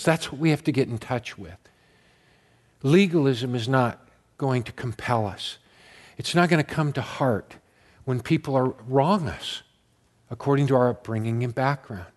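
Slow, earnest preacher man. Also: mid-range voice. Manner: slow, earnest storytelling with emphatic repetition. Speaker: pastor. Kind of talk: sermon.

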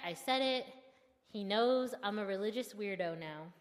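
A young woman seminary student telling a personal story in a candid, self-deprecating and expressive way. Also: mid-range voice, moderate pace, in a large hall.

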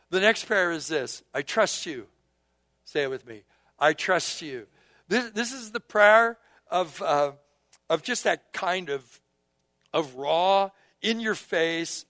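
A male pastor preaching a sermon and leading the congregation in repeated call-and-response prayers, moving between quiet, soft phrases and emphatic bursts. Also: fairly high pitch, lively intonation, measured pace, dry recording, clean studio sound.

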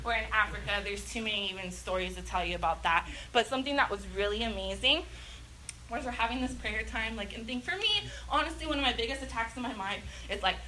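This is a woman delivering an excited prophetic message in church. Her voice sits high and bright. She rambles happily, with plenty of fillers and frequent laughter. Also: fast talker, slight background noise. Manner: excited and passionate, laughing often; chatty, many fillers. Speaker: church speaker.

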